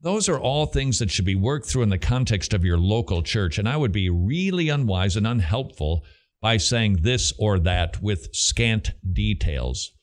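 A man's voice: lowish voice, lively intonation, normal speed. A middle-aged man with a Southern American accent, hosting a Christian question-and-answer radio show with an emphatic, preacherly delivery.

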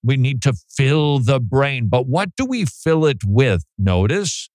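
A man's voice: medium pitch, animated, slow, a little mellow, dry recording, clean studio sound. A man hosting a talk radio show, chatting casually with joking, self-deprecating asides.

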